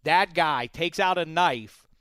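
A man's voice: a little high, takes it slowly, pushed and bright, clear, resonant tone, no room sound. A man hosting a casual studio talk show, joking around and slipping into mock accents of coworkers. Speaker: sports talk show host.

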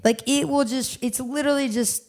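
A young woman chatting as a podcast guest, bubbly and quick to laugh, her talk full of "like" and "you know". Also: high-pitched, fairly even intonation, darkish tone. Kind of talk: casual podcast conversation.

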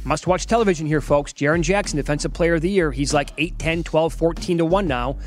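A man's voice: on the high side, brisk, faint music behind. A man hosting a sports betting show from a casino sportsbook studio, running through his bets in a wry, matter-of-fact way.

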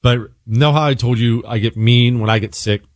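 A man hosting a talk radio show, telling a story in a casual, self-deprecating way while a little sick and quieter than usual. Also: mid-range voice, steady tone, moderate pace, dry recording, clean studio sound.

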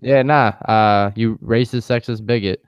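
Chill new york dude chatting on a podcast, smooth and dry, laughs a lot. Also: male voice, lowish voice, steady tone, measured pace, dry recording, lo-fi sound. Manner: laid-back, laughs often, slangy. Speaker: podcast co-host. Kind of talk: casual chat.

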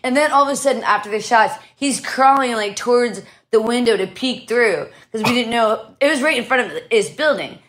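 A woman's voice: on the high side, moderate pace, few pauses, fairly bright tone. A woman in her forties, a podcast guest, telling a story in a breathless, giggly way, often saying "like.". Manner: breathless, giggly, repeats "like" and "all of a sudden". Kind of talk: casual storytelling.

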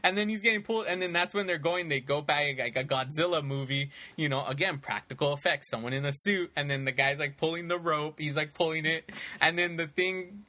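A man with a fairly high, bright, forceful voice chats casually as a host. He retells scenes in an animated, rambling way, full of fillers and laughter. The sound is dry, with no room echo. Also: brisk. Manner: animated storytelling, many fillers, laughs often. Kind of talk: casual chat about movies.

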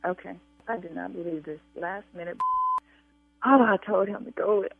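A woman's voice: lowish voice, normal speed, gravelly, husky, faint music behind. A woman on a phone call as a bride, talking emphatically and insistently, repeating her demands. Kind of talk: phone argument. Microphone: telephone. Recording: tinny dry phone line.

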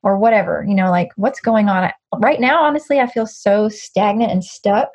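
A woman's voice: medium pitch, normal speed, a little mellow. A woman speaking as an interview guest in a casual, candid chat, rambling with frequent restarts. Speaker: guest, social media creator.

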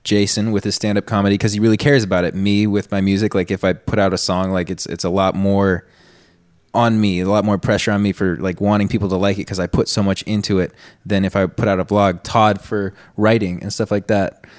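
A man's voice: fairly low pitch, flat delivery, brisk. Young guy on a podcast, rambly, restarts a lot, laughs easy. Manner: giggly, lots of fillers and restarts, swears. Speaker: podcast co-host. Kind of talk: casual chat.

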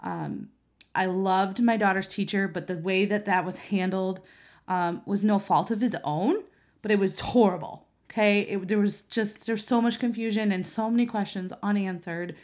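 A woman's voice: mid-range voice, steady tone, moderate pace, a little mellow. A woman in her thirties, a mother, talking earnestly to camera in a conversational way, with many fillers and restarts. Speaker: mother and vlogger.

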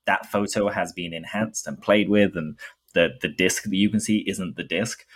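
A man co-hosting a podcast with a very low, husky voice. He tells his story in an eager, casual way. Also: moderate pace. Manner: enthusiastic, storytelling. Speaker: podcast co-host.

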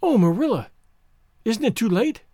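Give voice to a chattering, dramatic orphan girl in a storybook, gushing over every detail in a bright, lively, swooping voice, as a man reading the tale puts her on. The delivery is dry and close. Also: very high voice, moderate pace, husky, no echo, pitched above the performer's own voice, heavily acted. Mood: overjoyed. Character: imaginative talkative orphan girl, about eleven.

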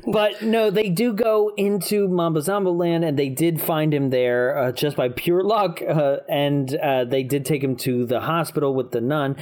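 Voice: mid-range voice, darkish tone. A podcast co-host recapping a film in casual comedic chat, laughing often and restarting sentences.

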